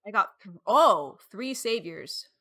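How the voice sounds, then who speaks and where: A woman streamer with a bright, lifted tone talks easily with her viewers. She thinks aloud as she goes, trailing off with fillers and reading out chat messages. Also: medium pitch, lively intonation, slow pace. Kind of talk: casual live-stream chat while deckbuilding.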